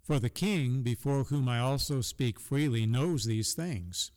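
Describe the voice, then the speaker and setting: In a large hall, a man speaks expressively and unhurriedly at medium pitch. He is a Bible study co-host in a conversational discussion who reads scripture aloud and frequently, softly affirms his partner.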